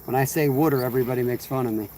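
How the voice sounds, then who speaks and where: Very fast but steady in tone, this man's medium-pitched voice has a dark quality. He talks casually to his livestream audience while fishing outdoors, rambling and answering chat messages as insects and crickets sound in the background.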